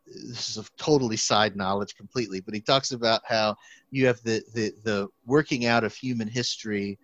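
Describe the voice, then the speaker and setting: A man's voice: fairly low pitch, fairly quick, dry recording. A young man, a theology student, chatting casually and rambling with many restarts and fillers. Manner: rambling, lots of restarts and fillers, animated when quoting people. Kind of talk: casual podcast chat. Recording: dry, slightly dull recording.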